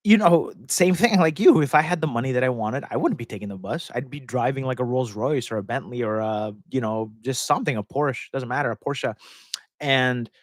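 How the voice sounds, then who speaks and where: A man rambles through a relaxed live-stream Q&A, often breaking into laughter mid-sentence. His voice sits at a middling pitch and is picked up close on the microphone. The sound is dry, with no room echo. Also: fairly quick. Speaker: host answering viewer questions. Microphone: close desk microphone.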